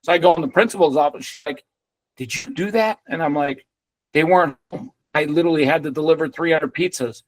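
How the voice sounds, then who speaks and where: Animated storytelling man, dry sound. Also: on the high side, fast talker, no room sound, poor audio. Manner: animated, swearing, acts out other people's lines. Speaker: guest. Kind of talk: storytelling in a podcast interview.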